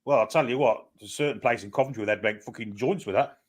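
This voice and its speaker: A man's voice: mid-range voice, quick pace. A man co-hosting, blunt and sweary, cracking mocking jokes in casual banter. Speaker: co-host.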